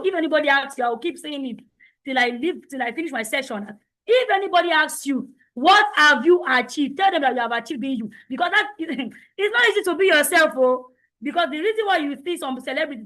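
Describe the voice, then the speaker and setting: Loud, bold woman coaching teens. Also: sits high, rough recording. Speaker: teen identity coach. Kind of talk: online coaching session for teens. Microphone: online meeting.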